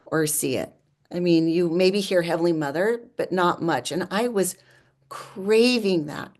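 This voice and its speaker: Woman guest, low register, chatty and animated storyteller, leans on "like," laughs often. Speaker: podcast guest. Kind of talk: personal storytelling in conversation.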